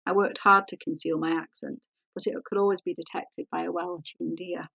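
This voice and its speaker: A woman author reading her novel aloud in a measured, composed way. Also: fairly low pitch, steady tone, vocal fry, fairly bright tone, husky, no echo, highs cut off.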